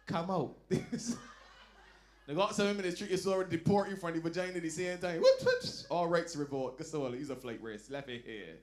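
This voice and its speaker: A man performing a stand-up comedy set, telling loud, animated stories and dropping into low asides. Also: brisk. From Barbados. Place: lounge comedy night.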